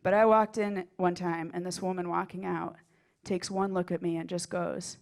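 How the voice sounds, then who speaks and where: A woman's voice: on the low side, flat delivery, moderate pace, vocal fry. A stand-up comedian on a club stage, talking in a rambling, self-deprecating way and laughing at her own jokes. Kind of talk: stand-up set.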